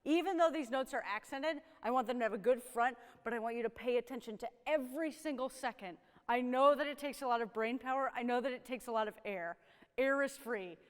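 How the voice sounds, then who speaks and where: A woman's voice: on the high side, brisk, big-room sound. A woman horn teacher coaching young players in a rehearsal, upbeat and encouraging, often checking in with "right?". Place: rehearsal room with young musicians.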